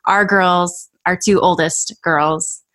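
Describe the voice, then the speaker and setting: A woman's voice: fairly low pitch, steady tone, slow pace, fairly bright tone. A woman hosting a podcast, speaking in an upbeat, friendly, conversational way. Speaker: podcast host. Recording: music under intro.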